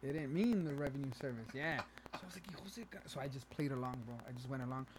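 A man's voice: medium pitch, fast, a little hiss or hum. A man co-hosting a casual podcast, telling stories animatedly and switching between English and Spanish. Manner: animated storyteller, acts out callers in raised voices. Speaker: podcast co-host. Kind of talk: casual chat.

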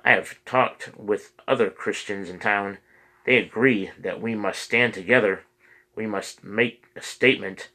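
A man's voice: on the low side, a little slow, pushed and bright, full character voice, rough recording. A man reading the lines of a resolute businessman urging a protest. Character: determined male businessman proposing protest.

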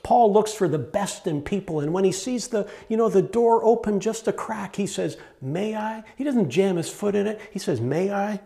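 A pastor preaching a storytelling sermon in a conversational, animated way, with many fillers and restarts. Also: mid-range voice, moderate pace, vocal fry, hardly any pauses.

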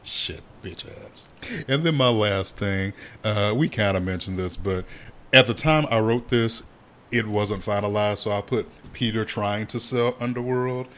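A man co-hosting a podcast, chatting casually about a soap opera, animated and swearing freely as he acts out the characters' lines. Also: on the low side, normal speed. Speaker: podcast co-host.

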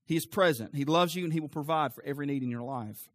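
A male pastor preaching a sermon with an emphatic, rising cadence, then leading a quieter prayer. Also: a little high, quick pace, no room sound.

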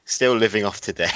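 A low-voiced man with a bright, forward tone hosts a casual podcast chat and often breaks into laughter. He steers the conversation from one subject to the next. The recording is a little dull and lo-fi. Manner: laughs often, leads topics. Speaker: podcast co-host. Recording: dull lo-fi sound.

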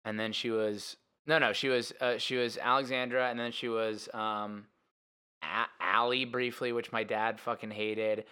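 Man, bright tone, loose rambling podcast guest. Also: on the low side, flat delivery, unhurried, smooth. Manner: rambling storyteller, swears, puts on voices for quotes. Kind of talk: casual chat.

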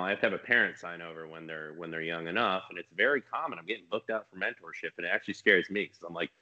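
A man, a business coach and mentor, talking in a casual podcast conversation with an energetic, emphatic manner. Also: low voice, lo-fi sound.

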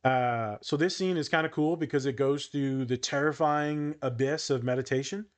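A man's voice: mid-range voice, normal speed. A young man co-hosting a podcast as a therapist and meditation teacher, joking and swearing freely in casual chat. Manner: animated, joking, swears freely, does voices when telling stories.

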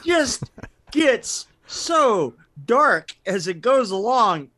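A man co-hosting a podcast in casual chat, halting and repeating words as he gathers his thoughts. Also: very high voice, sing-song, bright, forceful tone. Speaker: podcast co-host.

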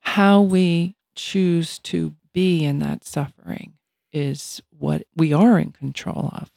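A woman in her sixties co-hosts a casual talk show, speaking reflectively and thoughtfully in a low, gravelly, dark voice at a slow pace. The studio sound is clean, with no echo.

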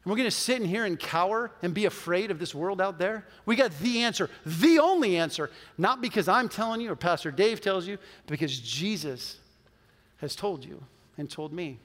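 A man's voice: high voice, lively intonation, normal speed, fairly bright tone. A man pastor preaching a sermon in a church, telling a story, urging the congregation and leading a prayer, earnest and emphatic. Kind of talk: sermon with altar call and prayer. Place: church sanctuary with a loft. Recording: long hall reverb of a church.

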